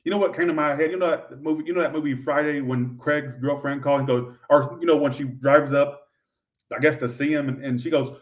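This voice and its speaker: A man's voice: fairly high pitch, fairly quick. A man giving a livestream tarot reading in a sassy, profane, rambling way, talking straight to his viewers. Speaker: tarot reader.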